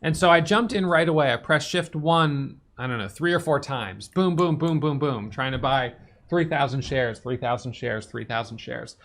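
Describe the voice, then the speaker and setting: A tired man casually recapping his day's stock trades, talking fast with lots of fillers and restarts. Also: fairly bright tone. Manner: fast, filler-heavy talk with restarts, "boom" for quick actions. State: tired, yawning.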